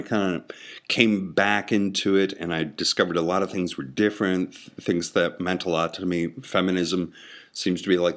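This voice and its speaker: A man with a low, deep voice hosting a solo show. He rambles casually, stumbling on fillers and mocking himself. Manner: rambling, self-deprecating humor, many fillers and restarts. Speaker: podcast host.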